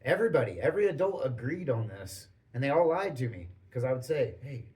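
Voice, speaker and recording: A man hosting a podcast, telling stories in a rambling, animated way full of restarts and acted-out quotes. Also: medium pitch, fairly quick, a little hiss or hum, rough recording. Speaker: podcast host. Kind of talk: casual storytelling chat.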